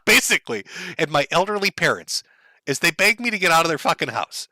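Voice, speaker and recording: Lively, sarcastic male commentator. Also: on the high side, a little fast, no room sound. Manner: sarcastic, mocking, breaks into laughter. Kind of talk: reaction commentary on a clip.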